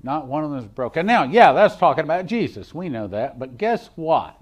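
Man preaching with loud-soft swings. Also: fairly high pitch, big pitch swings, fairly quick. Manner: swings between loud emphatic scripture reading and quiet asides; reads King James verses aloud. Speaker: pastor. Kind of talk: sermon.

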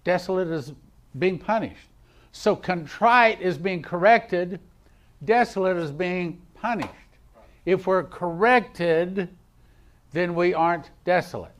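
Man preaching with loud-soft swings. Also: sits high, slow pace. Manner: swings between loud emphatic scripture reading and quiet asides; reads King James verses aloud. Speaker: pastor. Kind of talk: sermon.

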